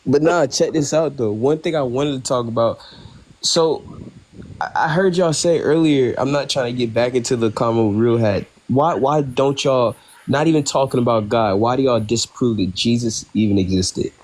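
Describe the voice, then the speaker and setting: A man in a live online debate who keeps asking pointed questions, loose and casual in how he talks. His pitch stays in an ordinary middle range. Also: normal speed, darkish tone. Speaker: debate participant.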